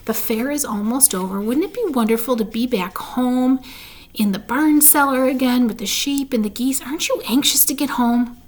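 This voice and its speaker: A woman's voice: sits high, moderate pace. A woman reading a storybook aloud, voicing an anxious, earnest young male pig who pleads with emotion. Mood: wistful.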